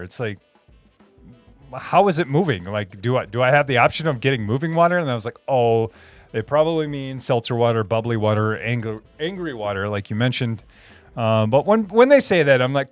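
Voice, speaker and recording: Male streamer, slightly high voice, dry close mic, loose rambling chat with laughs. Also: animated, moderate pace, dry recording, soft background music. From Minnesota. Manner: rambling, laughing, lots of restarts and fillers. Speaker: host answering live chat. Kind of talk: casual live-stream chat.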